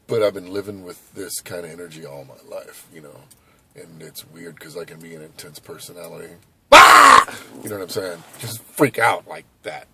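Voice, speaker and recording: A man in his forties from Southern California, chatting casually and rambling to camera as a vlogger, hyperactive and animated, outdoors at a skate park. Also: lowish voice, husky. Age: 40s. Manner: hyperactive, animated, loose and conversational with many asides.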